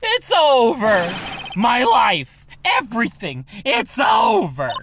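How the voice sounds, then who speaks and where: A man voicing a distraught young man who wails and shouts melodramatically in despair. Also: very high voice, big pitch swings, unhurried, noisy background, voice pushed up, exaggerated voice.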